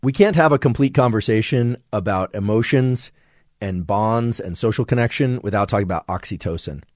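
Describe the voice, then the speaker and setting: Low-voiced man explaining science calmly. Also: no room sound, clean studio sound. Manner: measured, explanatory, professorial. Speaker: podcast host. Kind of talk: solo science explainer monologue.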